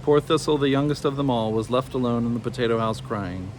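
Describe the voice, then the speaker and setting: A man reads a children's storybook aloud with expressive, measured narration. His voice sits in a middle pitch, and a faint hum runs underneath.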